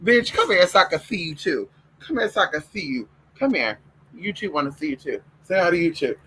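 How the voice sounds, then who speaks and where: A man's voice: fairly high pitch, very animated, brisk, pushed and bright, slight background noise, rough recording. A man chatting casually to his viewers in a sassy, campy, profane way, calling them girl and honey and breaking off to fuss at his dogs. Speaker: vlogger. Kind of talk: casual livestream chat.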